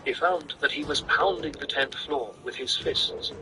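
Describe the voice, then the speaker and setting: Bright-voiced man reading a novel. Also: fairly high pitch, a little slow, a little hiss or hum, rough recording. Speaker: reader.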